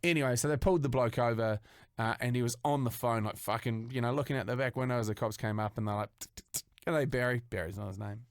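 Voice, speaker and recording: NZ man, 30s, podcast co-host, casual yarn-teller, average pitch, dry close mic. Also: fast talker, no room sound. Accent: New Zealand. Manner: animated, acts out voices in stories, swears freely. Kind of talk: casual storytelling chat.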